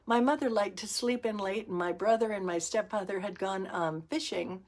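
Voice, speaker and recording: A woman's voice: medium pitch, normal speed. A middle-aged woman from Florida hosting a podcast, telling stories in a casual monologue and laughing often. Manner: laughs often, storytelling with acted-out quotes. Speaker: podcast host.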